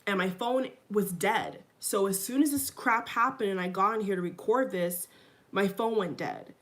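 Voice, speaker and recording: A woman ranting to her viewers at a phone camera in her home kitchen. She sounds rattled and angry, circling back over the same words and swearing freely, in a voice of middling pitch. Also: normal speed, a bit bright. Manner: upset and agitated, repeats herself, swears. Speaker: vlogger. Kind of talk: casual vlog rant.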